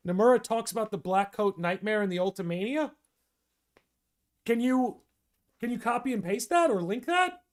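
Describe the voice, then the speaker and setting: A young man hosting a livestream, chatting casually and excitably, thinking out loud with quick restarts. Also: sits high. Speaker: podcast and livestream host.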